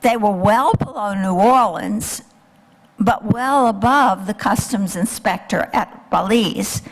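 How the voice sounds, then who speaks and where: A woman's voice: medium pitch, slow. A woman giving a history lecture to a live audience, telling the story and asking the listeners questions. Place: lecture hall. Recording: long hall reverb.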